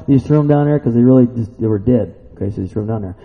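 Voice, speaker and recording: A man preaching a sermon who swings from loud excited shouts to quiet low asides and keeps asking his listeners questions. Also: very fast, hardly any pauses. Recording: dull sound with long reverb in a hall.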